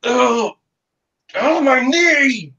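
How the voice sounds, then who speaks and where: A man voicing a wounded male marshal who groans, whines and breaks into high yelps. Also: animated, very slow, gravelly, bright, forceful tone, distant mic, dull audio, exaggerated voice. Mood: pained.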